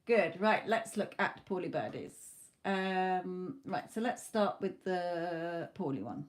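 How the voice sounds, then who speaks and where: A woman reading tarot on a live stream, talking to viewers in a blunt, animated way and swearing casually. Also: lowish voice, slow. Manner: animated, acts out clients' panicked voices.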